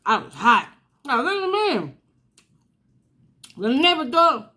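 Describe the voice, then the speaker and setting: Slow-talking woman. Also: sits high, very animated, sharp tone. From New York. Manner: chatty, drawn-out storytelling with asides. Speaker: channel host. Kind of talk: casual storytime while eating.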